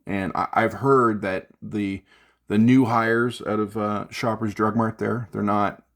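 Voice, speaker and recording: Exasperated man ranting, lowish voice. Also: fairly even intonation, measured pace, a bit bright. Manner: exasperated, rambling, many fillers and restarts. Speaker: gear vlogger. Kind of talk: unscripted vlog rant.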